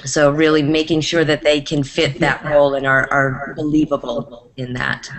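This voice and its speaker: In a low-pitched, level voice at normal speed, a drama teacher from New England talks through her feedback on a casual video call. She comes across as thoughtful yet hesitant, with many ums.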